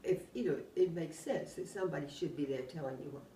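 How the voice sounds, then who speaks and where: An older woman, telling rambling anecdotes in a casual, animated way and often laughing as she talks. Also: deep voice, quick pace. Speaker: oral history interviewee. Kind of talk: casual storytelling. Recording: roomy, distant mic, faint background hum.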